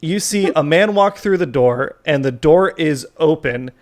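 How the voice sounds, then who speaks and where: A man narrating a tabletop game as game master, casual and halting with many fillers. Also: fairly high pitch, lively intonation.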